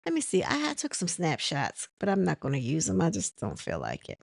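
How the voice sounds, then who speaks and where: A woman's voice: deep voice, wildly swooping pitch, a little fast, gravelly, no room sound, clean studio sound. Chatty woman recapping reality TV. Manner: rambling, laughs and mimics cast members' lines; many fillers and restarts. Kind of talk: casual chat recapping an episode.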